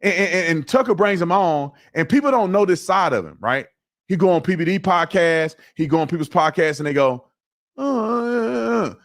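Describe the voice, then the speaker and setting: A man's voice: fairly high pitch, brisk. Emphatic male reaction host. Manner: emphatic, repeats words when starting a point. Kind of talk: live reaction commentary.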